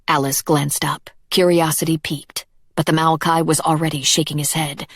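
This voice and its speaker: A woman narrating a dark fantasy audiobook in a measured, even storytelling manner. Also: low voice, breathy edge, no echo, studio quality. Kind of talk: scripted narration.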